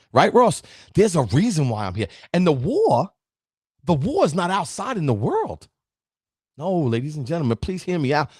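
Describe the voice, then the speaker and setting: A man's voice: a little high, very animated, moderate pace, a little mellow, breathy edge, dry recording, clean studio sound. A man, giving an emphatic, preachy motivational talk as a podcast host and speaking straight to his listeners. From Brooklyn, New York. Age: 50s.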